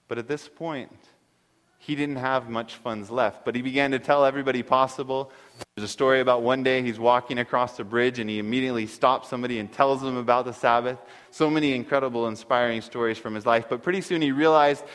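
A man's voice: mid-range voice, steady tone, a little fast, fairly bright tone. A male preacher earnestly retelling a story, reading parts of it aloud, with long hall reverb. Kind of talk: sermon storytelling.

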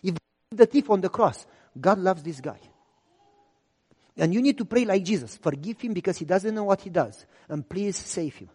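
A man voicing his earnest wife as she calmly and firmly urges him. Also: sits high, moderate pace, husky, big-room sound. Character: earnest, steady wife giving firm advice.

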